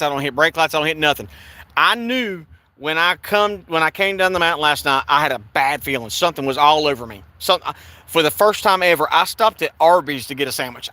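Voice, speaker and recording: Agitated man with a high, bright voice. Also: a little fast, no echo. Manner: agitated, repetitive, restarts and acts out exchanges. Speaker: video creator recounting an arrest. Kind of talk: angry first-person account. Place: in a vehicle.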